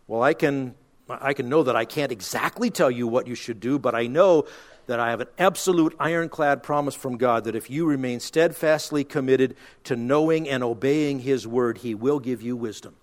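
A man's voice: mid-range voice, moderate pace. A middle-aged man, a pastor, giving earnest, emphatic radio Bible teaching with frequent restarts.

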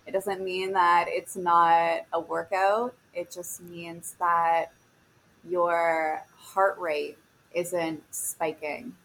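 A woman's voice: on the low side, level tone, very slow, fairly bright tone, a little hiss or hum, poor audio. A woman fitness instructor, a guest on a podcast, talking in an earnest, motivational way and searching for her words. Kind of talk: casual podcast conversation.

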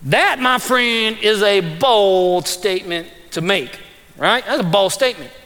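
A man's voice: high voice, animated, measured pace, sharp tone, long reverb tail. A male pastor preaching a conversational sermon in an emphatic, repetitive, street-casual way.

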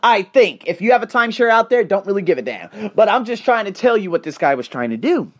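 Brief: male podcaster, a bit high-pitched, salty and animated. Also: fast talker, dull audio. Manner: blunt, profane, animated storytelling. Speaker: podcast host. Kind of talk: solo podcast monologue.

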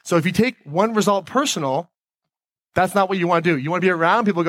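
Emphatic motivational speaker on stage. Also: male voice, high-pitched, fast talker, fairly bright tone, dry recording. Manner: emphatic, repeats key phrases, asks the audience questions. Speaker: podcast host giving a talk on stage. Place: stage before a live audience.

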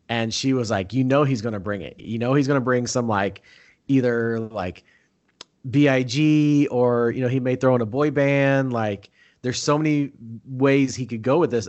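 Excitable man telling a story. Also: mid-range voice, dull audio. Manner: excitable storyteller, acts out quoted talk. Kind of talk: casual chat.

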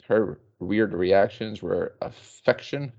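A man voicing a blunt, gruff grown man muttering to himself. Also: sits low, slow, a little mellow, exaggerated voice. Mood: puzzled. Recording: dull lo-fi recording.

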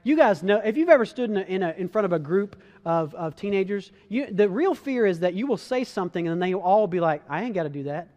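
A man's voice: high-pitched, animated, a little fast, few pauses, a little mellow, muffled recording. A man giving an earnest, conversational talk to an audience, telling personal stories with frequent restarts and calling his listeners guys. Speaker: speaker giving a motivational talk.

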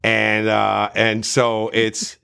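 A middle-aged man telling stories in a casual podcast chat, rambling and profane, with animated bursts. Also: lowish voice, extremely slow, creaky, clean tone. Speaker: voice actor guest.

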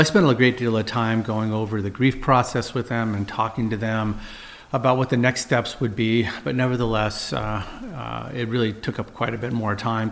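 A middle-aged man, a physician and host, telling a personal story in an earnest, measured way with frequent uhs and restarts. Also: fairly low pitch.

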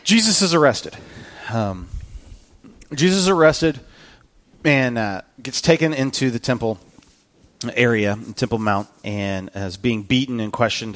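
A man's voice: medium pitch, fairly bright tone. A man preaching a sermon in an earnest, conversational way, often repeating his words as he goes. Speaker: pastor.

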